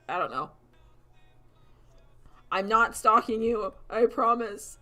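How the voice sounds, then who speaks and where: A woman's voice: medium pitch, sharp tone. A young woman chatting casually on a livestream, sarcastic and giggly, laughing often and acting out quoted voices. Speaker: streamer chatting while drawing.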